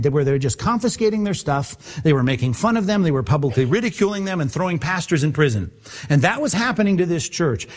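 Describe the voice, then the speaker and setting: A male pastor giving a sermon in a conversational, animated way, often asking his listeners rhetorical questions. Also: fairly high pitch.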